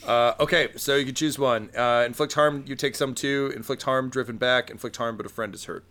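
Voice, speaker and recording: A man's voice: medium pitch, fairly even intonation, brisk, a bit bright. A man running a tabletop role-playing game, narrating loosely with jokes and fillers. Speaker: game master.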